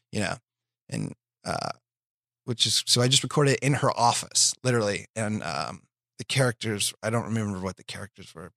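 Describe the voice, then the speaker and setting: A man's voice: fairly low pitch, gravelly, bright, forceful tone, no room sound, clean studio sound. A man in his thirties telling stories in a loose, profane, self-deprecating way as a guest on a chat show. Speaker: guest comedian. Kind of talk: casual storytelling chat.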